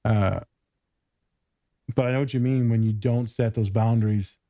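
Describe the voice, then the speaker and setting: Male podcast host, blunt and profane storyteller, mellow dark voice, slightly lo-fi dry sound. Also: lowish voice, steady tone, normal speed, no room sound. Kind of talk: casual podcast chat. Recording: slightly dull lo-fi recording.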